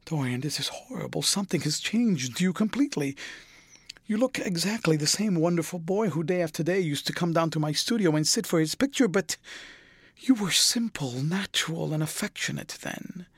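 A man voicing an anguished older male painter who pleads with a young friend, in a husky, slightly high voice. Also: animated, normal speed, no room sound. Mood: pleading. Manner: pleading, horrified.

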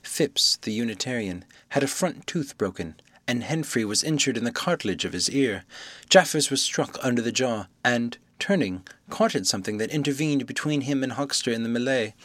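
A man reading an audiobook chapter aloud in scripted narration, lifting his voice sharply whenever characters shout. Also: medium pitch, no room sound. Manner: lively, raises his voice for shouted dialogue. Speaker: audiobook reader.

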